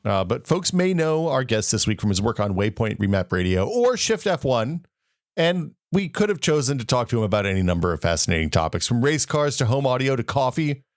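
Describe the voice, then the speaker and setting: A man hosting a casual tech podcast, talking in an animated way and telling anecdotes. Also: medium pitch, fairly quick, no room sound, clean studio sound. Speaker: podcast host.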